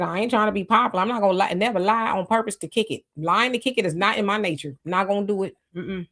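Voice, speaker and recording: Woman host reading live chat aloud, casual, quick to react, restarts often. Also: mid-range voice. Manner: chatty, greets commenters, frequent restarts and laughs.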